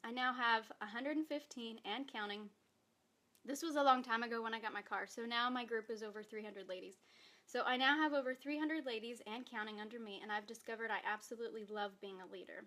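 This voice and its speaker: Woman, higher voice, heartfelt testimony vlog, earnest, fighting back tears. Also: brisk, pushed and bright. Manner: earnest, emotional, talking through tears; reads aloud from her own post. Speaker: direct sales distributor.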